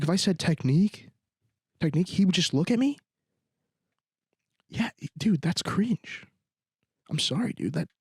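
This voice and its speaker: A man's voice: medium pitch, dry recording, clean studio sound. Slangy young man ranting sarcastically. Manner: slangy, repeats "dude" and "bro", sarcastic. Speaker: podcast host. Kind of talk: solo casual rant.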